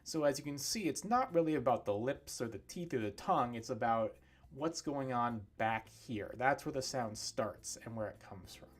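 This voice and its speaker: A man teaching English pronunciation on a livestream, demonstrating sounds slowly and clearly. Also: medium pitch, expressive. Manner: slow, clear over-articulated demonstrations.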